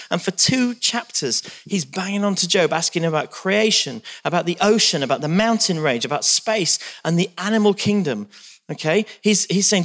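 Guy preaching a sermon, slightly high voice, acts out the bible verses with lots of punch. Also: fairly quick. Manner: lively, reads scripture aloud with dramatic emphasis.

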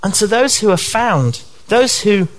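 A man's voice: sits high, lively intonation, measured pace. Earnest male preacher giving a sermon. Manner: earnest, asks rhetorical questions.

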